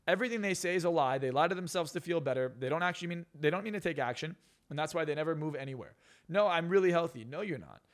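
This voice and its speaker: A man's voice: a little high, animated, rapid-fire. A young man, a guest on a podcast interview, talking bluntly with lots of swearing and emphatic jabs. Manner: profane, brash and emphatic. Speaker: guest, hypnotist and success coach.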